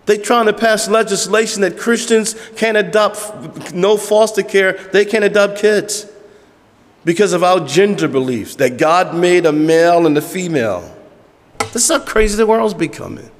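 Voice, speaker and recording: Pastor, male, slightly high-pitched, preaching with repeated emphatic lines and sudden hushed drops, long church-hall echo. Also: animated, normal speed. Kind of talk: sermon. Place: church sanctuary.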